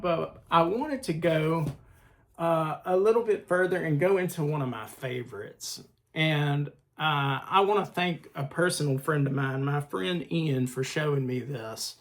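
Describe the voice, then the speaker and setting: Man, film review host, fairly high voice, halting with fillers, enthusiastic. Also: creaky. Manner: halting, many filler pauses; enthusiastic collector. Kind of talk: casual video review.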